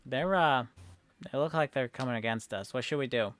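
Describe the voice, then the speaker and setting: A man's voice: mid-range voice, a little fast, a bit bright, no room sound, natural voice. A man voicing a hesitant townsman. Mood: worried. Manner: hesitant, deferential. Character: nervous male townsperson asking for orders.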